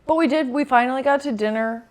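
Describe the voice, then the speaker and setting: A woman's voice: high voice, quick pace. A young woman, a beach volleyball player, casually recounting a trip with a friend and laughing often. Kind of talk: casual storytelling chat.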